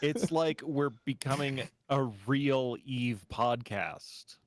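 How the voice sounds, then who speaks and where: A man speaks very slowly on a casual gaming podcast, dropping wry, amused remarks. The recording is dry and close, with no room sound at all. His pitch sits in an ordinary middle range. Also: no echo.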